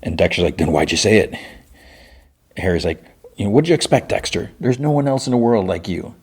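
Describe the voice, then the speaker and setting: A man's voice: low-pitched, animated, fairly quick, breathy edge. A man hosting a podcast, casually retelling a TV episode and acting out the characters' lines in loose impressions. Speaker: podcast host.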